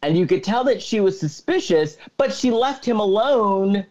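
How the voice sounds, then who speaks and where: Lively man on dull lo-fi audio. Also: high-pitched, moderate pace. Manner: retells scenes with quoted lines. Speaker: podcast co-host. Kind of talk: casual movie recap chat. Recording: dull lo-fi sound.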